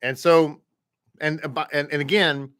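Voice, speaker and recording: A man's voice: on the high side, no room sound, clean studio sound. Chatty Texan man teaching a class. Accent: Texas. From American South. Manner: relaxed, chatty, drawn-out examples with repeated words. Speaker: Hebrew reading teacher. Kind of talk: online class instruction.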